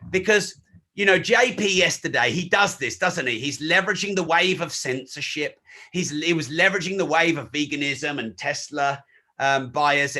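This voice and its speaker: Energetic male seminar speaker, high and bright, casual and excitable. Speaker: event speaker; social media coach. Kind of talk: live seminar talk.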